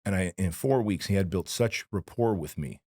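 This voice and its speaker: A very low-voiced man from Armenia talks as a podcast guest, candid and emphatic, with blunt slang. His voice is close and dry on a studio mic, with no room sound. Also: normal speed, darkish tone, dry recording. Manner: emphatic, blunt and slangy, addressing the host as dude and bro. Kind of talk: candid personal storytelling in a podcast interview.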